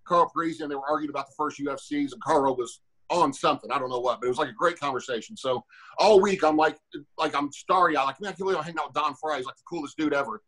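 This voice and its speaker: Man, 40s, former fighter, podcast guest, husky, rapid-fire, profane, acts out quotes. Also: fairly high pitch, poor audio. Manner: animated, acts out quoted dialogue; profane, rambling with fillers. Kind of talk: casual podcast storytelling.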